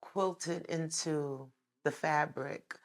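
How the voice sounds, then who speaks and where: Low-voiced woman hosting a casual interview. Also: steady tone, very slow. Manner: affirming, backchannels often.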